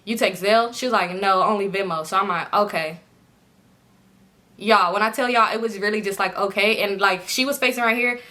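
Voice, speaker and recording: A young woman telling a casual storytime to her viewers, animated and slangy, often breaking into laughter. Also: mid-range voice, a little fast.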